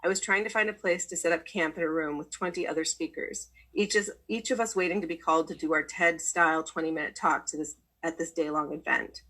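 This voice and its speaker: A woman reads a personal story aloud at a measured pace, slowing down to lean on key words. Her voice sits a little low and is husky, with a breathy grain. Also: fairly even intonation, fairly bright tone, low-quality recording. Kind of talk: reading a memoir aloud.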